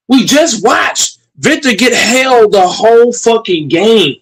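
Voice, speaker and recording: A man's voice: very high-pitched, expressive, slow pace, few pauses, rough recording. A man streaming a heated, profane rant, repeating himself and talking straight to his chat.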